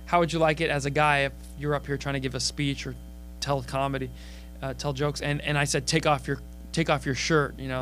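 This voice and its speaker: A man's voice: a little high, a little hiss or hum. A man, a guest comedian, chatting casually on a podcast and acting out hecklers in his stories. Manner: animated storyteller acting out hecklers.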